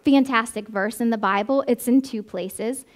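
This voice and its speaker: A woman's voice: fairly high pitch, moderate pace. A woman giving a conversational sermon, stressing points through repetition and often checking in with "right?", then leading a prayer. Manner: emphatic repetition; leads a closing prayer. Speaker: preacher. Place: church service.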